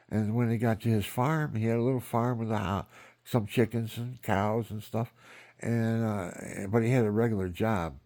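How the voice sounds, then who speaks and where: Gravelly-voiced man in his seventies. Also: on the low side, a little mellow. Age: 70s. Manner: meandering, frank, chuckling. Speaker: vlogger. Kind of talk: rambling personal storytelling.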